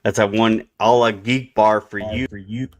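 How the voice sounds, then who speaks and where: A man hosting an online radio show, giving laid-back, repetitive shout-outs. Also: lowish voice, fairly even intonation, slow pace. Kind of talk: casual online radio talk.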